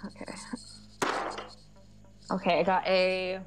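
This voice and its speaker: A woman's voice: lowish voice, completely flat delivery, takes it slowly, clear, resonant tone. A woman playing a tabletop game, talking expressively with laughing asides. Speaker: player. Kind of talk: tabletop role-play.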